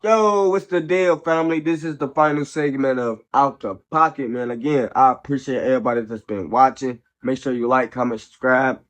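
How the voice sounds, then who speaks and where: A man's voice: medium pitch, fairly even intonation, normal speed, few pauses, a little hiss or hum. A man hosting a casual football commentary show, blunt and opinionated, slangy and profane, tossing in "bro" and "man" often, while a little sick. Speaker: host of a football commentary channel.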